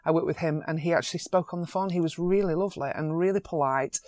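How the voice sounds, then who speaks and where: A woman tells lively stories in an interview. Her delivery is animated and excitable, with quick laughs. The sound is dry and close. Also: low-pitched, no echo. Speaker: photographer. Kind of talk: chatty anecdotes in an interview.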